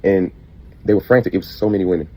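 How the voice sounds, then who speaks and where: A man's voice: low-pitched, fast talker, warm tone, poor audio. A man earnestly recounting a dream as a testimony.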